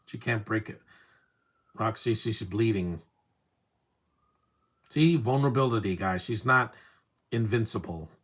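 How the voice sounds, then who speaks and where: A young man giving casual live commentary over a movie, wry and opinionated, often trailing off into quiet asides. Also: fairly low pitch, measured pace, long pauses. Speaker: film commentary host.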